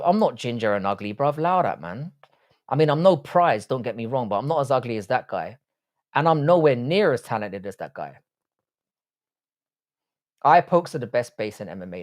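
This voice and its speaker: A man hosts a loose livestream, answering viewer comments with crude banter and constant swearing. His voice sits at an ordinary middle pitch. The sound is dry and close, with no room echo. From United Kingdom. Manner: profane, bantering, slangy. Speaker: livestream host. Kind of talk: casual livestream chat reading viewer comments.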